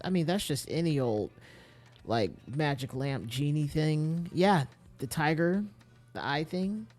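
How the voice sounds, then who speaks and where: A man's voice: fairly high pitch, animated, measured pace, darkish tone, soft background music. A man streaming a mystery game, thinking aloud, restarting sentences and reading in-game letters aloud with small stumbles.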